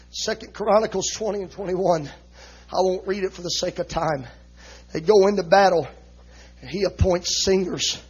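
A male preacher with a strikingly high, husky voice delivers an emotional sermon. He shouts in rhythmic bursts and tags nearly every line with "uh, amen." The intensity stays high and fervent. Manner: shouts rhythmic lines, punctuating each with "uh, amen". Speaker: visiting preacher.

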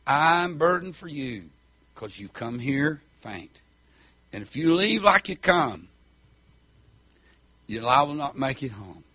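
A middle-aged man preaching a fiery country sermon, whooping and shouting, then dropping low and soft. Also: no room sound.

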